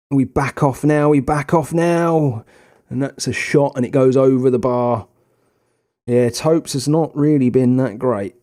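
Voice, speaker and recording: A young man commentating on his own football management game, swinging from tactical muttering to excited shouts. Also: mid-range voice. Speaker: gaming video host. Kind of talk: casual gameplay commentary.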